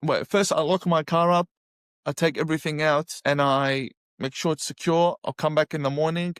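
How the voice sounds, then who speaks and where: Animated man telling a testimony. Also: a little high, normal speed, clear, resonant tone, dry recording, clean studio sound. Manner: animated, acts out his own past reactions; emphatic repetition. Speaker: guest sharing a conversion testimony. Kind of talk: personal testimony storytelling.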